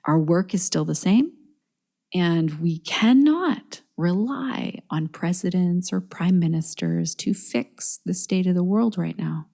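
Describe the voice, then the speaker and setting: A woman doing a kind English friend with an English accent, speaking in a gentle, motherly way and cheering someone on. Her voice sounds warm and mellow. It also sits somewhat low. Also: slow pace. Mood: encouraging.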